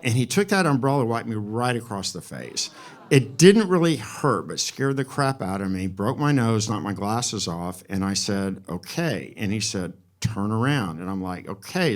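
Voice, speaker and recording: A man's voice: medium pitch, a bit bright. A man in his sixties tells a personal story on stage. He speaks candidly with some swearing and acts out the quoted dialogue.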